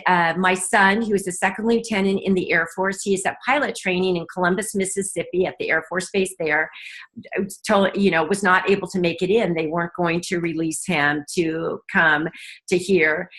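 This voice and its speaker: A middle-aged woman telling a heartfelt personal story as an interview guest, earnest and halting at times. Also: fairly low pitch, a bit bright. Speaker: guest, business leader.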